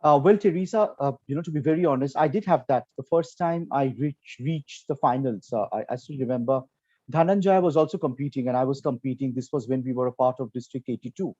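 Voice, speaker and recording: A man's voice: medium pitch, fairly quick, dark tone, slightly rough, no room sound. Bengali-accented male panelist, earnest explainer, dry muffled online audio. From Kolkata, India. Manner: earnest, explanatory, with frequent fillers. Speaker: program quality director.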